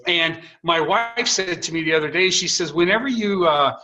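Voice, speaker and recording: A middle-aged man co-hosting a sales call, telling a long story with animated, acted-out dialogue and many restarts. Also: high-pitched, normal speed. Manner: animated, acts out quoted dialogue, frequent restarts. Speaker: co-host of a network marketing call. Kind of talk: conversational storytelling.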